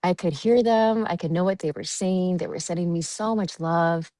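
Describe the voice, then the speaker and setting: A woman's voice: lowish voice, moderate pace, mellow, no room sound. A woman guest chatting on a podcast, giggly and dreamy, with many fillers. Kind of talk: casual podcast chat.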